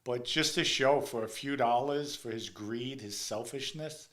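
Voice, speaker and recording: A man's voice: medium pitch, unhurried, a bit bright. A man hosting a casual live chat show, talking emphatically and repeating words for stress. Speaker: livestream host.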